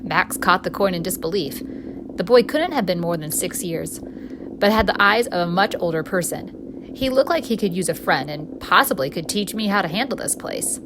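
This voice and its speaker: A woman author narrating her own story in first person, expressive and storytelling in tone. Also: fairly low pitch, moderate pace, background noise. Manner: expressive storyteller, voicing a cheeky street boy.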